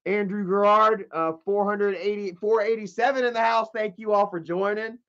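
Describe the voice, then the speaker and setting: A man with a very high voice rants on his livestream, cursing freely and tripping over his own words as he tells a story. The audio is dull and lo-fi. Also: steady tone, normal speed, a bit bright. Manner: profane, rambling storytelling with many restarts. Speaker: livestream host. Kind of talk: casual livestream rant.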